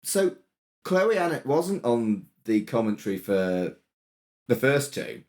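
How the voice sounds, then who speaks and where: Brief: male co-host, casual and swearing, very expressive intonation. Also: mid-range voice, slow pace. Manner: lively, laughs often, swears casually. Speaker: podcast co-host. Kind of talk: casual chat.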